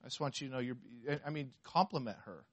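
A man preaching a sermon to a congregation, reading scripture aloud slowly and asking the listeners questions. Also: mid-range voice, animated, slightly rough. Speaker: pastor.

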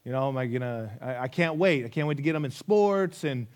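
A man's voice: mid-range voice, expressive, fairly quick, a little mellow. A man in his thirties preaching a sermon, emphatic, repeating key phrases and asking rhetorical questions. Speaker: pastor.

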